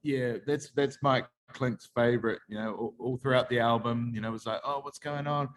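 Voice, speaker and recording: A man's voice: mid-range voice, fairly even intonation, normal speed. A man, a band member guest, talking in an easygoing, wry way. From New Zealand. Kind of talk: casual interview chat.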